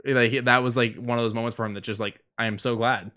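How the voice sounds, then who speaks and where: A man's voice: medium pitch, fairly even intonation, quick pace, sharp tone. A man co-hosting a podcast, telling stories and running down news in casual chat with fillers. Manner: storytelling, news rundown with fillers. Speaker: podcast co-host.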